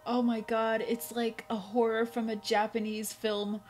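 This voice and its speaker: A woman's voice: a little high, level tone, unhurried, darkish tone, a little hiss or hum. Jumpy, swearing woman playing a game. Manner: jumpy, profane, laughing reactions. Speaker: let's play gamer. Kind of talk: live gameplay commentary.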